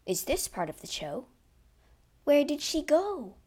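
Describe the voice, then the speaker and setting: A woman reading a storybook aloud and voicing a brave young male count who shouts in alarm. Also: mid-range voice, lively intonation, moderate pace, close to an everyday voice. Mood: urgent.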